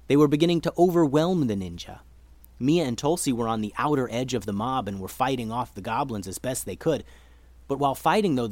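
A man narrating a children's story as host, expressive and shifting his pace. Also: mid-range voice, no room sound.

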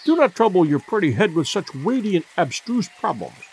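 A vague, dithering old professor from a storybook, as a man puts him on. He hums and repeats himself mildly, his voice wandering lively in pitch. A faint hiss sits under the reading. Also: brisk. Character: absent-minded fussy old male professor.

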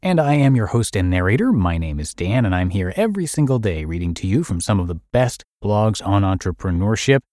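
Lively low-voiced male narrator. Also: a little fast, few pauses, no room sound, studio quality. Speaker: host and narrator reading blog posts. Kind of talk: scripted narration.

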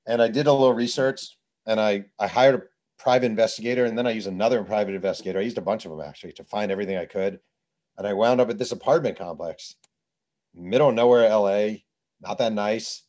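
A man with a fairly low voice talks as an author and journalist being interviewed. He tells his anecdotes in a lively, conversational way. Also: quick pace. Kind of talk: conversational storytelling.

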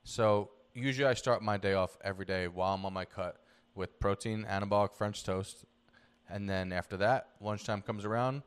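Young man, lowish smooth voice, podcast co-host, casual, blunt. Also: moderate pace. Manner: matter-of-fact, blunt, joking. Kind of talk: casual chat.

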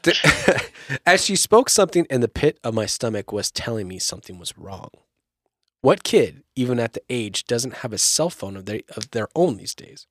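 A man's voice: fairly low pitch, sing-song, moderate pace, no echo, clean studio sound. A man hosting a podcast, reading a creepy story aloud in a storytelling narration with jokey asides. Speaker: podcast host.

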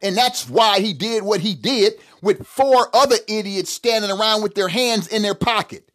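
A man's voice: high voice, normal speed, a bit bright. A middle-aged man hosting a solo podcast, talking in an emphatic, preachy way and repeating words for stress. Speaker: podcast host.

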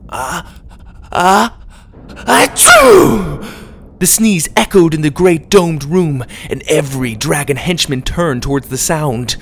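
A man's voice: normal speed, hardly any pauses. A man narrating a children's adventure story aloud, reading expressively. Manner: expressive read-aloud with lively pitch.

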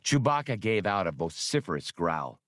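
Man, audiobook narrator, low voice, lively delivery, dry close sound. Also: moderate pace, no echo. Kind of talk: audiobook reading.

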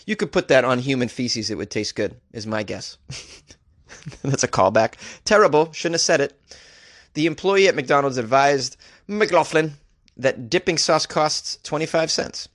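A man's voice: fairly high pitch, a bit bright. Guy doing a jokey news riff on his podcast, sarcastic, cracks himself up, talks into a mic. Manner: sarcastic, jokey, laughs at own jokes. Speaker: podcast host. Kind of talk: comedic news commentary. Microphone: studio microphone.

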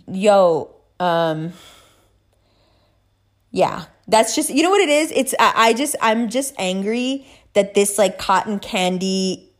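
A young woman ranting casually to camera, profane and emphatic with lots of fillers. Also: medium pitch. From South Asian heritage. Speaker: astrology YouTuber.

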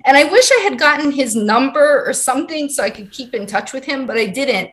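A woman's voice: high-pitched, expressive, brisk, a bit bright. A woman from Hawaii, a podcast guest, telling a personal story in an earnest, heartfelt way.

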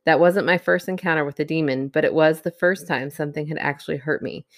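A woman's voice: sits low, quick pace, dry recording, studio quality. A woman co-hosting a podcast, reading a listener's spooky story aloud and chatting, laughing easily and teasing. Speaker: podcast co-host reading stories. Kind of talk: casual chat, reading listener stories.

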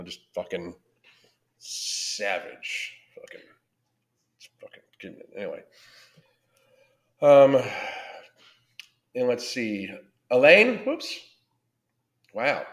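A man hosting a livestream as a weight-loss coach, talking casually and bluntly with constant swearing, and greeting his viewers by name. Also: mid-range voice. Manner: blunt and heavily profane.

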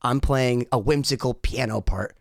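A man from Boston, a co-host, excitedly telling stories in casual chat and acting out what people said. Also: mid-range voice, moderate pace, no room sound, clean studio sound. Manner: excited storyteller, acts out quotes.

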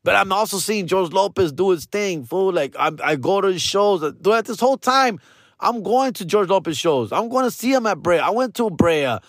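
A man's voice: high voice, expressive, moderate pace, no echo, studio quality. A man, a comedian telling stories casually, full of slang and profanity and acting out the voices of people he quotes. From Los Angeles area. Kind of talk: casual storytelling.

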